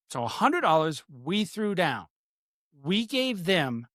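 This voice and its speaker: A man's voice: fairly high pitch, a bit bright, dry recording, studio quality. A man co-hosting a podcast, telling a long, rambling story in casual chat with casual swearing. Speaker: podcast co-host.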